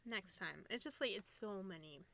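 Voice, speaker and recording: A playful woman co-hosting a casual podcast chat. She giggles easily and trips over unfamiliar words with good humor, and her pitch sits right in the middle. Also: animated, normal speed, heavy background noise. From USA. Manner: giggly, playful, struggles with pronunciation. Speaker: podcast co-host.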